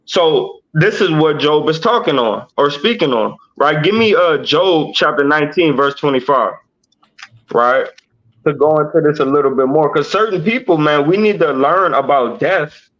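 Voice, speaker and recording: A man leading a Bible study livestream, explaining slowly and checking in with "right?" after nearly every point. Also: fairly high pitch, expressive, fairly bright tone, lo-fi sound. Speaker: teacher.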